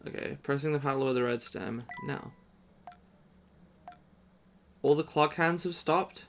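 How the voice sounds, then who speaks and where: A man's voice: medium pitch, fairly quick, creaky, slight background noise. A male streamer in casual game chat who laughs often while he describes what is on his screen.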